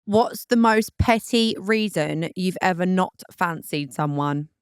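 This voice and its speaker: Young woman, podcast co-host, teasing and blunt, lowish smooth voice. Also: slow, no echo, clean studio sound. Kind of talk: casual chat, quizzing her co-host.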